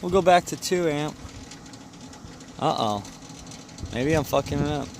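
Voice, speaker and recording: Rambling, high-voiced man vlogging outdoors. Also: unhurried, a little hiss or hum. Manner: rambling, jokey and self-talking. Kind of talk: casual vlog. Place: outdoors by a car in cold weather.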